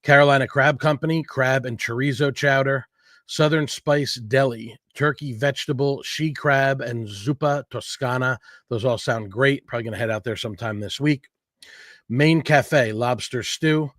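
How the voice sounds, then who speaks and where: A man's voice: mid-range voice, moderate pace, fairly bright tone, no echo, clean studio sound. A man hosting a local food livestream, chatty and upbeat, rambling with fillers as he reads through a list. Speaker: host of a local food show. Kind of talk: casual livestream announcement. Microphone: livestream setup.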